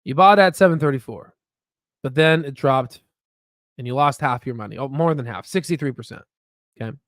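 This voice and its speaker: A man hosting a casual stock market video, rambling and excitable, with frequent profanity and restarts. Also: mid-range voice, normal speed, dry recording, studio quality. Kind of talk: casual market commentary with screen share.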